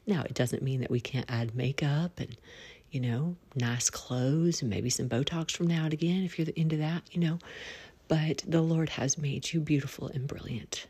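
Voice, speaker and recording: A woman's voice: low voice, unhurried, darkish tone, slightly rough. A woman hosting her own podcast, chatting playfully and giggling, and breaking into spoken prayer along the way. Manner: bubbly, playful, giggly, prays aloud mid-talk. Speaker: podcast host. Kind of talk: casual faith chat podcast.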